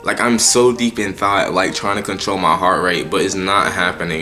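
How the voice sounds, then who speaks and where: A young man telling a storytime in a lowish voice with a bright, forceful edge. His delivery is animated and heavy on slang and swearing, and he often stumbles and restarts mid-sentence. Faint music plays behind him. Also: moderate pace, few pauses. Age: young adult. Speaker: vlogger telling a personal story. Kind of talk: casual storytime monologue.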